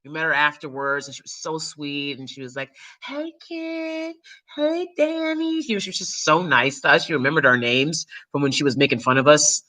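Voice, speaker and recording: A woman YouTuber and actor chatting casually to her viewers, animated and swearing freely, breaking into loud shrieks and laughs. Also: extremely low pitch, brisk, few pauses. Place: New York City.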